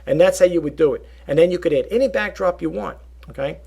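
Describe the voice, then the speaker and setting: A man's voice: high voice, fast talker, gravelly, mellow, breathy edge. A man talking casually in a rambling how-to vlog, often checking in with "okay?" and calling his viewers folks. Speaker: YouTube reseller vlogger.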